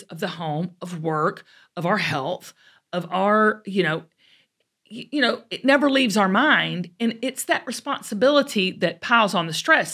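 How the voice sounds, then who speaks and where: A woman's voice: medium pitch, fairly bright tone. A middle-aged woman with a Southern US accent hosts a talk show and tells folksy stories in a chatty way. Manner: chatty, folksy storytelling with drawn-out emphasis. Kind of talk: casual chat.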